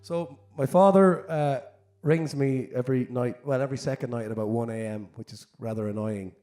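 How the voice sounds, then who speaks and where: A man's voice: mid-range voice, brisk, mellow, faint music behind. An Irish man, a singer-songwriter telling a rambling, self-deprecating story between songs at a live concert. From Ireland.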